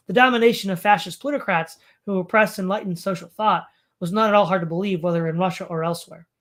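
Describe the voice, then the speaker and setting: A stream host reading a text aloud on a home mic, breaking off for sarcastic asides and commentary. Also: mid-range voice. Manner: sarcastic asides between read passages.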